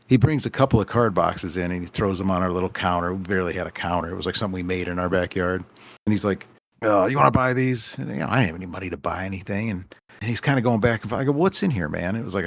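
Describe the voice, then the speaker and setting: Store-owner guest type: low-pitched man, loose storyteller who voices the people in his tales. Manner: rambling anecdotes with acted-out quoted dialogue. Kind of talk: casual podcast storytelling.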